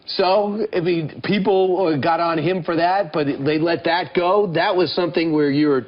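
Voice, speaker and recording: A man's voice: a little high, steady tone, measured pace, highs cut off, slight background noise. A man hosting a casual news chat, setting up clips and often restarting his sentences. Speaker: morning TV host.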